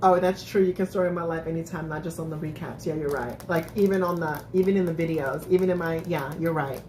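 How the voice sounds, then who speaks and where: This live-stream recap host has a low, slightly mellow voice and a quick pace. She chats casually with viewers, laughs often, and restarts her sentences, while the echoey room adds to a little hiss or hum.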